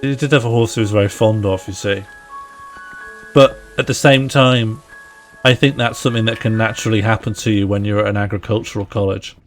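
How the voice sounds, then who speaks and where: A man's voice: fairly low pitch, steady tone, fairly quick, soft background music. A man live-streaming a video game, chatting playfully with his viewers and friends, laughing often and talking to himself as he plays. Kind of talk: casual live-stream chat while gaming.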